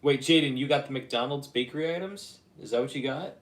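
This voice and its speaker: A man's voice: medium pitch, brisk. A man rambling casually on a livestream, chatting and reacting to viewer comments. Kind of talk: casual live-stream chat.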